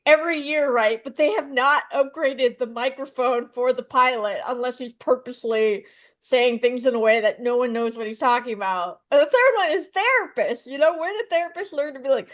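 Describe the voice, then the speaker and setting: A woman in her thirties, a stand-up comedian and psychotherapist, answering interview questions with animated storytelling. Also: high voice. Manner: animated storytelling, acts out voices in her jokes.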